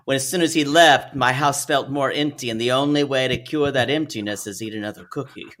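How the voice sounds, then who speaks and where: A man co-hosting a podcast, chatting in a gossipy, animated way and laughing often. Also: medium pitch, brisk. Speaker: podcast co-host. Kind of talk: casual chat.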